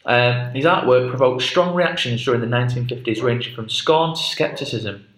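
A man's voice: mid-range voice, normal speed, fairly bright tone. A man co-hosting a podcast, telling a rambling, jokey story with lots of fillers. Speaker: podcast co-host. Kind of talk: casual chat. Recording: echoey room.

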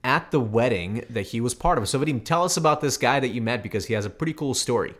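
A man's voice: medium pitch, lively intonation, a bit bright. A man co-hosting a podcast, playful and jokey as he leads the segment and steers the chat. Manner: playful, jokey, quick interjections. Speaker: podcast co-host.

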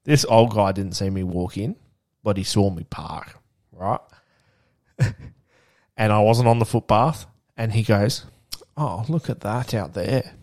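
A man's voice: on the low side, a little slow, long pauses, darkish tone. Laughing man telling a story. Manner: swears freely, tells stories with lots of laughter. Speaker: podcast co-host. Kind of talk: casual chat.

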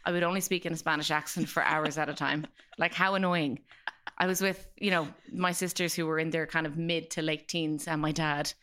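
A woman's voice: deep voice, fairly even intonation, brisk, a bit bright. An Irish woman from Galway, guesting on a podcast and telling stories in a playful, joking way. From Galway, Ireland. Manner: playful, jokey storyteller. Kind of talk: casual chat. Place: studio.

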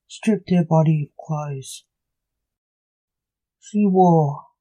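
Slow, very dark-toned story reader. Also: medium pitch, low-quality recording. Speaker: narrator. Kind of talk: reading a story aloud.

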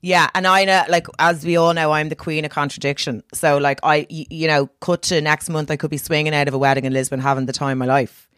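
A woman's voice: deep voice, a bit bright, no room sound, studio quality. A woman guesting on a podcast, chatting casually in a playful, self-mocking way.

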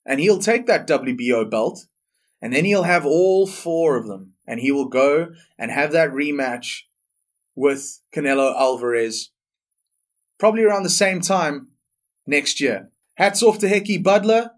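A man's voice: a little high, animated, unhurried. A young man hosting a solo sports podcast, blunt, profane and opinionated. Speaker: podcast host.

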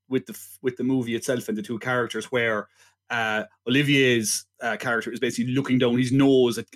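A man co-hosting a film podcast in casual chat, rambling and jokey. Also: mid-range voice. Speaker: podcast co-host.

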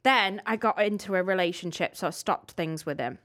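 A woman's voice: lowish voice, fairly quick, a bit bright. A woman co-hosting a podcast in casual chat, cheeky and giggly, reading out listener stories. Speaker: podcast co-host.

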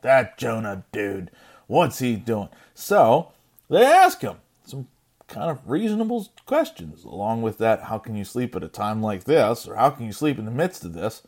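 A man retells a story as a dad would, casual and conversational with little jokey asides. His voice is lively, rising and falling a lot as he goes. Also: medium pitch. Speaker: dad reading a Bible story.

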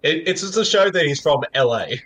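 An Australian man co-hosts a casual movie commentary chat. His voice is fairly high for a man and moves through a wide, lively range. He rambles as he talks, leaning on "like". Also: fairly quick. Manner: rambling, lots of "like".

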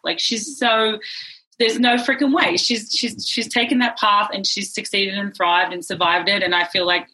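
Bright, husky woman telling an emotional story. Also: mid-range voice, normal speed, rough recording. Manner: earnest, tearful at times, lively quoted voices. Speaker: guest.

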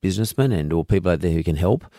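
A low, deep-voiced middle-aged man with an Australian accent, talking in an emphatic, folksy way as a podcast host. He circles back and repeats his points. The sound is close and dry, with no room echo. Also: lively intonation, very fast, mellow. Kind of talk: casual interview chat.

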